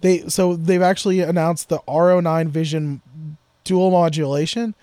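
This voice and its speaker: Male podcast co-host, casual rambler, wry jokes, fairly high, mellow tone. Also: fairly even intonation, moderate pace, no room sound, studio quality. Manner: rambling, jokey, trails off into mutters. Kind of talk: casual chat about guitar gear.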